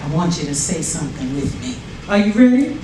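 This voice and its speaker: A woman's voice: low voice, sing-song, brisk, noisy background. A woman performing as a proud historic businesswoman, declaiming a theatrical monologue and leading an audience chant in an event hall. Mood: stately. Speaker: performer in character. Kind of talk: dramatic monologue with call-and-response. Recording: echoey hall from far off.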